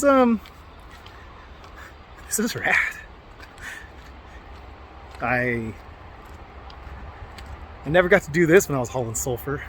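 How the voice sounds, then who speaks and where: A trucking vlogger with a fairly high, fairly bright voice chats casually to camera while walking around a small mountain town. He jokes and rambles with lots of fillers, and there's slight background noise.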